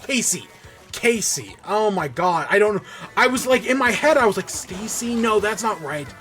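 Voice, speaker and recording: Male podcast host, higher-pitched, enthusiastic rambling recap style, casual swearing, faint background music. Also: normal speed. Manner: excited, rambling, swears freely.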